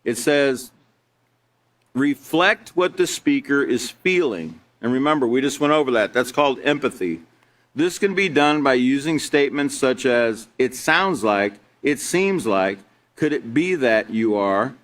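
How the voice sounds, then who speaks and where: A man's voice: medium pitch, animated, unhurried, fairly bright tone. A middle-aged man teaching a live online character education class, reading from slides and asking rhetorical questions. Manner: conversational, asks rhetorical questions, reads from slides.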